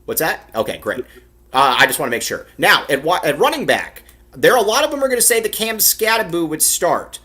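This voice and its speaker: A man's voice: a little high, very animated, a little fast, sharp tone, husky, dry recording. A man hosting a live sports talk show, chatty and self-deprecating.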